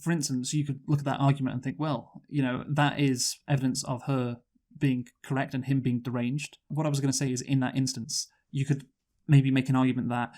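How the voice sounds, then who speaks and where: A man co-hosting a film review podcast, speaking in a measured, thoughtful way with frequent hedges. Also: medium pitch, flat delivery, darkish tone. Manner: thoughtful, measured, hedging with "you know". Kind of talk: casual film review chat.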